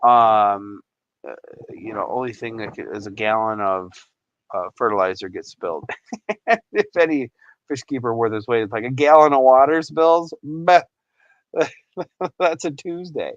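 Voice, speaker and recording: A man's voice: mid-range voice, unhurried, pauses often, no room sound, lo-fi sound. A man hosting a casual livestream, chatty and rambling, laughing often and reading out chat messages. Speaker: livestream host.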